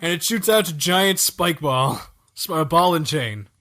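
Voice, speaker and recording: Male gaming podcast host, enthusiastic explainer, bright tone, lively pitch. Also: measured pace. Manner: enthusiastic, explaining game levels. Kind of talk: casual chat.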